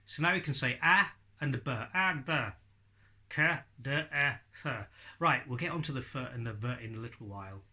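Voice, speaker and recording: Man, bright clear voice, chatty ventriloquism teacher, demonstrates sounds, laughs easily. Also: mid-range voice, lively intonation, moderate pace. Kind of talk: casual video lesson.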